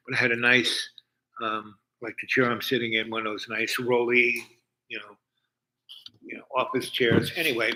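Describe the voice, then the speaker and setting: An older man from New York telling a long personal story in a halting way, full of fillers and restarts. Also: mid-range voice, sharp tone, rough recording. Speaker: storyteller host. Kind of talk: rambling personal anecdote.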